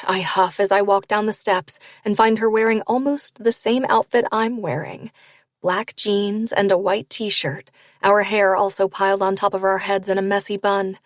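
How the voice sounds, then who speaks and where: Female audiobook narrator, medium pitch, wry tone, dry studio read. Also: flat delivery, normal speed, no room sound. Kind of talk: first-person audiobook narration.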